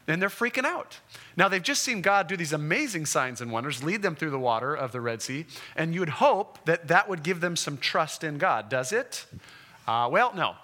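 A man teaching a Bible lesson in a lively, conversational way, checking in with his listeners. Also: fairly high pitch, moderate pace. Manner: animated, acts out the Israelites' complaints. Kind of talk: classroom Bible lecture.

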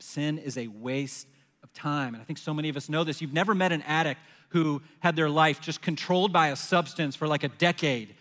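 Animated forties pastor in a reverberant hall. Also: male voice, on the high side. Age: 40s. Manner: animated storytelling, acts out his own panicked phone call. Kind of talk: sermon with personal story.

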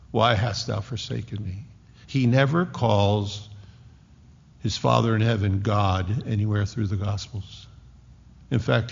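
A man preaching a sermon with a dramatic delivery, rising to loud declarations and dropping to hushed tones. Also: on the low side, creaky, breathy edge. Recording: dull lo-fi recording in a reverberant hall.

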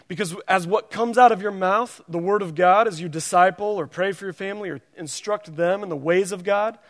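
A man's voice: sits high, big-room sound. A man preaching a sermon as pastor, reading scripture and pressing points earnestly and emphatically to his congregation. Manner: earnest, emphatic, shifting pace. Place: church sanctuary.

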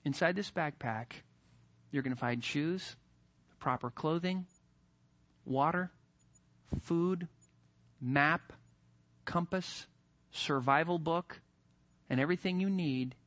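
A preacher playing a stern but merciful male desert warden, speaking low and measured. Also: bright, forceful tone, dry recording, heavily acted. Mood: calm, hushed.

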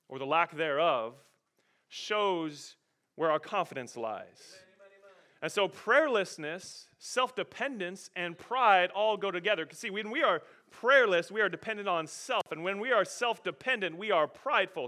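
A man's voice: a little high, pushed and bright. A male pastor preaching a sermon, leading call-and-response and reading verse after verse in a building rush. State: out of breath.

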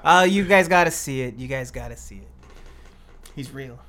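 A man co-hosting a podcast in casual chat, excitable and quick to laugh. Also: medium pitch. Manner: excitable, laughs often, says "dude". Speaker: podcast co-host.

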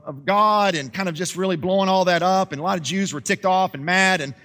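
A man's voice: sits high, bright, forceful tone. A man preaching a sermon, retelling a Bible story in a casual, conversational way with many restarts.

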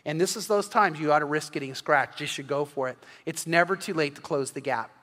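In a church sanctuary, a pastor preaches an evening sermon, earnestly telling stories and often restarting his sentences. His voice is on the high side and fairly bright, a little fast, and the church hall gives it a long reverb.

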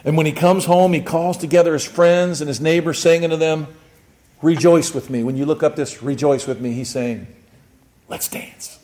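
Male pastor, higher pitch, lively sermon delivery with shouted bursts. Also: fairly quick, few pauses. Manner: animated, shouts and acts out joyful voices.

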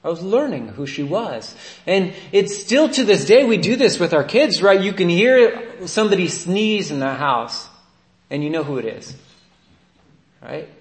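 A man in his thirties preaches in a friendly, storytelling way, often tossing in "right?" to pull his listeners along. His voice sits a little high for a man. The sound carries a clear echo from the room around him. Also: expressive, a little slow. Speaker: priest. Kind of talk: conversational sermon.

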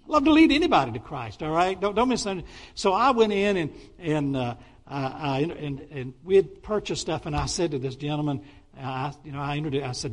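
A middle-aged man preaches as a Baptist pastor, his voice sitting a little high. He swings into sudden excited bursts and stumbles through restart after restart as he works his way to each point. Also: fairly quick. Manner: animated, with sudden excited outbursts and many restarts. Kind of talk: sermon.

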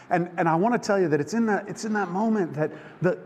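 A man preaching a sermon, telling a personal story with emotion, halting and restarting often. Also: sits high, a little mellow. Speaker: pastor. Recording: long hall reverb, faint background noise.

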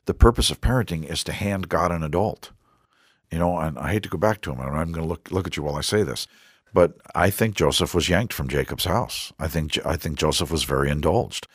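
Very deep husky-voiced man, earnest. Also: dry recording, clean studio sound. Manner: earnest, preachy, quotes scripture, acts out little dialogues. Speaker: podcast host. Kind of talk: conversational Christian parenting talk.

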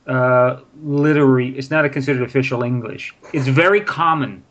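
A man's voice: mid-range voice, moderate pace, fairly bright tone, highs cut off. A man patiently explaining English grammar with example sentences in a casual spoken lesson. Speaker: English teacher. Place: in Prague.

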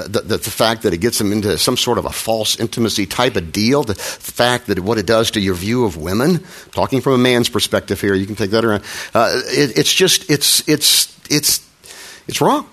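A man's voice: on the low side, animated, moderate pace, a bit bright. A middle-aged man preaching a sermon as a pastor, talking in a conversational, self-deprecating way with frequent restarts and little acted quotes.

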